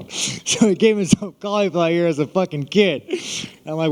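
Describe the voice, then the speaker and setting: A man's voice: fairly high pitch, animated, normal speed, big-room sound. An American man answering press questions in a casual, rambling, joking way, swearing constantly. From United States. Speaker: fighter at a media scrum. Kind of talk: casual media Q&A.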